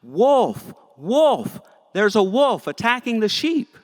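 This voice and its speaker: A man voicing a panicky young shepherd boy who cries out in high yells, in a church with long reverb. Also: big pitch swings, moderate pace, gravelly, full character voice. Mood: mischievous.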